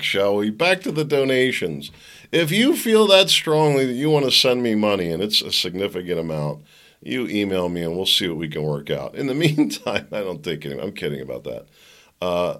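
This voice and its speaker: A man's voice: lowish voice, bright, forceful tone. A man hosting his own podcast, giving casual solo commentary full of sarcastic asides and jokes. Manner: sarcastic, jokey, talks in asides. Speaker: podcast host.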